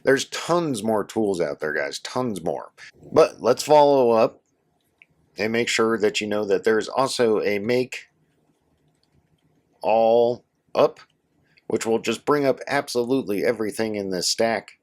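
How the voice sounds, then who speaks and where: Man, very deep voice, hoarse from a cold, casual tech tutorial host. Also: a little slow. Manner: casual, instructive, addresses viewers as guys. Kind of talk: screen-share tutorial walkthrough.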